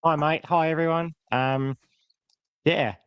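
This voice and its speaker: A man talking footy as a guest, measured and halting. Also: fairly high pitch, steady tone, smooth, no room sound, muffled recording. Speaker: guest on a fan stream. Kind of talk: casual footy chat.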